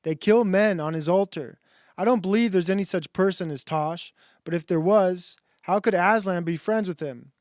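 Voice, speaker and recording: A man's voice: high voice, normal speed, a little mellow, no room sound, studio quality, close to an everyday voice. A man voicing a very young, timid male lamb from a storybook, speaking in a pleading, earnest way.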